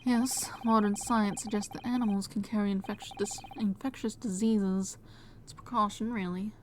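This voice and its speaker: A woman's voice: medium pitch, steady tone, slight background noise, natural voice. Woman doing a pompous grand detective. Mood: lecturing. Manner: grandiose, lecturing, dramatic pauses. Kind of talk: reading game dialogue aloud in voices.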